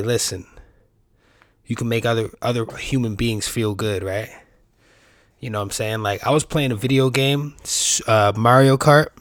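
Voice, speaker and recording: A man's voice: mid-range voice, a bit bright, dry recording, clean studio sound. A man hosting his own podcast, rambling through a profane, tangent-filled casual monologue. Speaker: podcast host.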